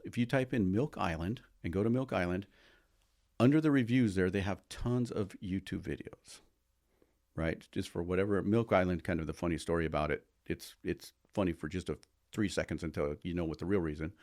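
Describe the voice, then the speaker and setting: A school resource officer talking casually on a podcast, explaining things step by step and often checking in with "right?". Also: male voice, low voice, a little fast, a little mellow.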